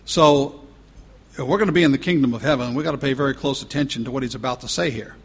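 Husky-voiced preacher in a reverberant hall. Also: male voice, medium pitch. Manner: emphatic preaching, stretching key words slowly. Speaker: pastor. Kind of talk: sermon. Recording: long reverb of a large hall.

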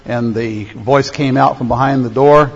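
Husky preacher in an echoey hall. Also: male voice, medium pitch, steady tone. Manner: emphatic, stretches key phrases slowly. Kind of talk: sermon. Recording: echoey hall, dull lo-fi sound.

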